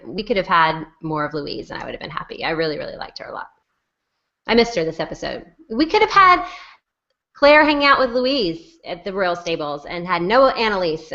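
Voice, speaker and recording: A woman's voice: fairly low pitch, a bit bright. A woman co-hosting a podcast in casual chat, talking in an effusive, gushing way over a video call. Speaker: podcast co-host. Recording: dull lo-fi call audio.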